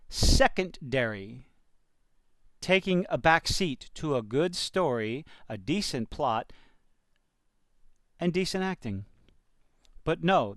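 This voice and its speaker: A man's voice: a little high, a bit bright, smooth, dry recording, studio quality. A man with a Cajun accent doing sarcastic, exasperated reaction commentary while reading an article aloud, sighing and swearing as he goes. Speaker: commentary host.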